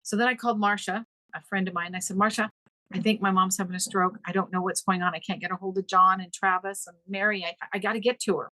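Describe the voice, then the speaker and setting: A middle-aged woman, a podcast guest, talks fast as she tells an emotional personal story during an interview. She is animated, acting out quoted dialogue with sudden pitch leaps, and the recording is dry and low in quality.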